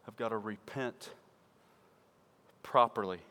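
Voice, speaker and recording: A man preaching a sermon to his church, swinging from loud emphatic peaks to quiet low asides. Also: takes it slowly. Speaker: pastor. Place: church sanctuary. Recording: church hall with long reverb.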